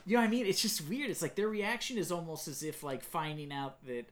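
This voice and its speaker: A podcast co-host chatting casually about a movie, animated and swearing as they act out lines from it. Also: medium pitch, a little fast. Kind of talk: casual movie-review chat.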